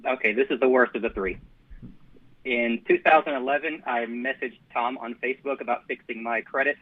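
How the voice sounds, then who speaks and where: A male caller on a radio show, brisk and matter-of-fact in a phone-in chat. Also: mid-range voice, dry recording. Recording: tinny phone line.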